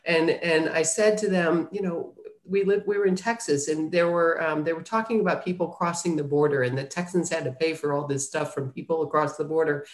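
A woman's voice: sits low, fairly even intonation, a little fast. Woman publisher telling stories, earnest, kinda echoey room. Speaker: guest, publisher. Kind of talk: casual interview talk. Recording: roomy echo.

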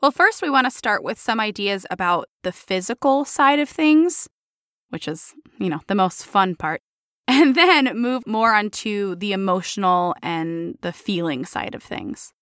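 A woman's voice: medium pitch, lively intonation, a little slow, fairly bright tone, dry recording, studio quality. A young woman co-hosting a podcast in casual chat, playful and laughing often. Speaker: podcast co-host.

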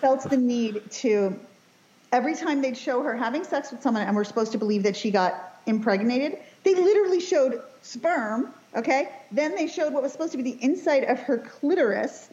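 A woman's voice: high voice, lively intonation, moderate pace, a little mellow. Chatty woman co-host, lo-fi sound. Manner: chatty, laughing storyteller who acts out quotes. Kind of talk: casual chat.

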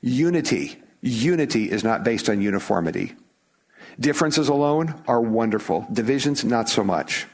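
Middle-aged man from the US, preaching a sermon, chatty and emphatic with frequent restarts, mid pitch. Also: animated, moderate pace, husky. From United States. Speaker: pastor.

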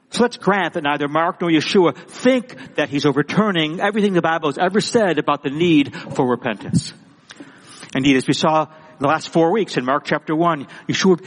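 Lively preaching man in a reverberant hall. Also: fairly high pitch. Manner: emphatic preaching, repeats key words. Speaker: pastor. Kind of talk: sermon.

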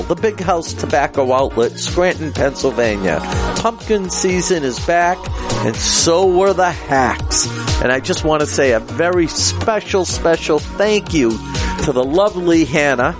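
Casting: sixty-year-old male co-host, slightly raised pitch, jokey rambler, music bed under the talk. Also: expressive, unhurried. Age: 60s. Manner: jokey, rambling, trips over place names. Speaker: podcast co-host. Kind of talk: casual chat reading shout-outs.

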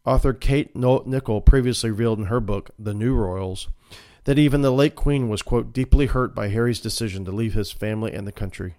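A man's voice: on the low side, fairly quick, few pauses, mellow. A man hosting a commentary podcast, reading news stories aloud and breaking off into sarcastic, mock-emotional asides. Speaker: podcast host. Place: Florida.

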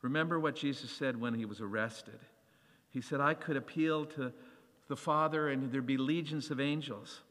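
A man preaching a sermon, animated and acting out the voices of scripture as he reads. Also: mid-range voice, moderate pace, in a large hall.

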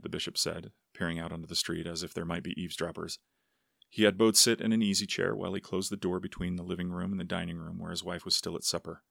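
A man narrating a story aloud in a steady, unhurried manner. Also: sits low, gravelly, dry recording, studio quality. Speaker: audiobook narrator. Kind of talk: scripted narration.

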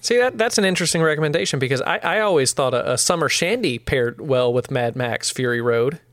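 A man's voice: a little high, animated, fairly quick, a bit bright, no echo, clean studio sound. Stammering podcast co-host man. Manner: stammering restarts, thoughtful. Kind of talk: casual movie podcast chat.

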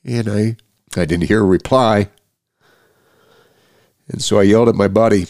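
A middle-aged man hosts his own podcast, talking into a close microphone with a deep, low, slightly mellow voice. His earnest delivery is halting, with many restarted phrases, and the dry sound carries no room at all.

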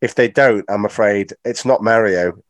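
A man co-hosting a casual panel chat, animated and opinionated, often stumbling over repeated words. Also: on the low side, normal speed, no echo. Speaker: podcast co-host.

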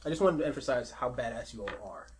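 A man running a tabletop game as game master, narrating scenes and asking for rolls, animated and laughing easily. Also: medium pitch, fast. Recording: faint background noise.

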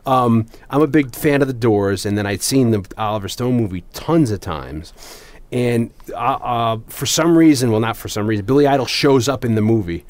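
A man's voice: medium pitch, moderate pace, dry recording. A man co-hosting a podcast in casual chat, telling long rambling stories full of fillers. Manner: rambling, animated storytelling with frequent fillers. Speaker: podcast co-host.

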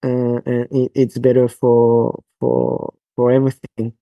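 A man from France with a French accent, a physiotherapist guest on a podcast interview, speaking haltingly with many fillers and restarts. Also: mid-range voice, completely flat delivery, creaky, no room sound, muffled recording.

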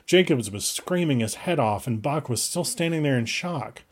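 A man reading first-person fiction aloud with brisk, urgent delivery that speeds up and slows down. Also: mid-range voice, lively intonation, husky. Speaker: audiobook reader.

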